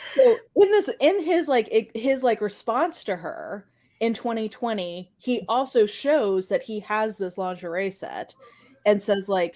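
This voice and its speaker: A woman co-hosting a podcast, recounting a story in a quick, chatty way with lots of filler words. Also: medium pitch, lively intonation, a little mellow. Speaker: podcast co-host. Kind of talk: casual storytelling chat.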